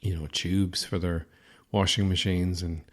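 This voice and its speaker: Irish podcast host, lowish voice, rambling, self-deprecating comic storyteller. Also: male voice, little pitch movement, unhurried, fairly bright tone.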